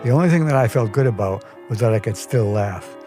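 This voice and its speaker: A man narrating a scripted personal story in a measured, wry way. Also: mid-range voice, animated, music in the background. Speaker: storyteller podcast host.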